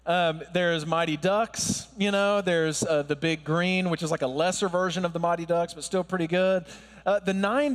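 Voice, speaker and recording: A man in his thirties preaching a conversational sermon with wry asides to the congregation. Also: fairly high pitch. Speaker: pastor. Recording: long hall reverb.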